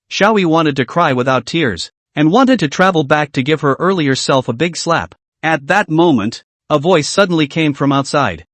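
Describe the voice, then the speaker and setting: Lively male story narrator. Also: a little high, normal speed, few pauses, no echo. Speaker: recap narrator.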